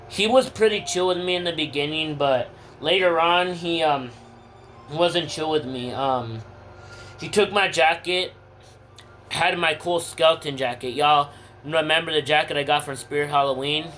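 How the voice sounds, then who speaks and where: Talking straight to camera, this teen boy rambles through a personal story for his casual vlog, dropping lots of fillers and blunt curses. The slightly high, somewhat bright voice comes with a touch of background noise.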